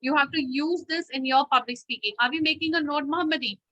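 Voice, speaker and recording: A woman's voice: high-pitched, quick pace, pushed and bright, muffled recording. A woman teacher leading an online class, firm and instructive, often checking with "okay?", heard over a video call.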